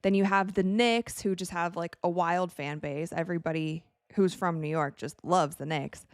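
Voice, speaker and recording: A young woman from Wisconsin hosting a live game watch party, chatting casually and reacting excitedly to plays as she talks. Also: on the low side, moderate pace, no echo, studio quality. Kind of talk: live casual commentary to chat.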